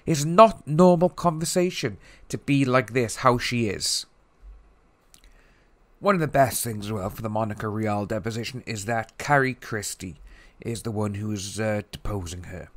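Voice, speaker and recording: A male vlog host at a middle pitch, chatting in loose commentary with an animated, mocking edge. The sound is dry and close, with no room around him. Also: measured pace, long pauses, no echo. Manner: animated and mocking, mimics people he talks about. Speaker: YouTube channel host.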